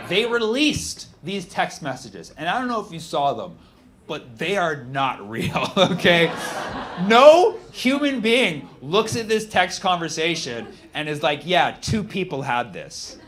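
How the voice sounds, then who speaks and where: Animated male stand-up comic, lively pitch. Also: a little slow, slight background noise. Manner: animated, mocking, reads texts aloud in flat deadpan, shouts punchlines. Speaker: stand-up comedian. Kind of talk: stand-up comedy routine.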